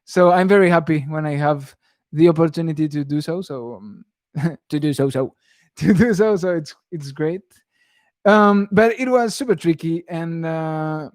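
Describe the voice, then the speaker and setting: A man's voice: a little high, moderate pace, a little mellow, dry recording, clean studio sound. A young man who teaches guitar, chatting casually on a live stream Q&A and rambling with frequent chuckles. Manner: rambling, self-interrupting, chuckles often.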